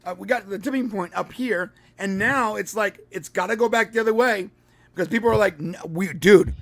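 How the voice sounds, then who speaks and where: A man with a fairly high voice chats on a podcast, retelling moments with lively energy and repeated false starts. The sound is dry and close, with no room around it. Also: fairly quick, creaky, no room sound. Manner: animated storytelling, lots of restarts. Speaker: podcast co-host. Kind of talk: casual chat.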